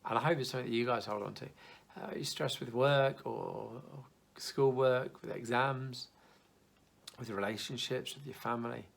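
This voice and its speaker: Young man, church youth leader, casual video devotional, gravelly tone, earnest and reassuring. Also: mid-range voice, fairly even intonation, moderate pace.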